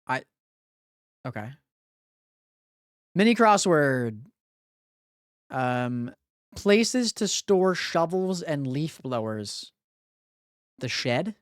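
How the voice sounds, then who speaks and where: Live streamer, casual puzzle-solving chat, thinking aloud, profane banter, unhurried pace, dry close sound. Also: medium pitch, very animated, clean tone, dry recording. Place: home streaming room.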